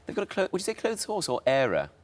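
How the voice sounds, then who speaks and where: A man's voice: high voice, huge pitch swings, fast talker. A man in a casual chat, reading fan questions aloud with playful, teasing quips.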